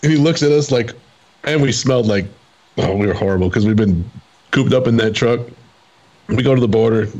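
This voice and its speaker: A man guest in a casual chat, telling a story in an animated way and laughing often. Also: mid-range voice, brisk, long pauses, highs cut off.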